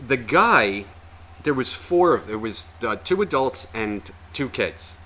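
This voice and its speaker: A man's voice: mid-range voice, very animated, takes it slowly, pushed and bright. A man co-hosting a podcast, telling a long story in a profane, exasperated, ranting way. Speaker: podcast co-host.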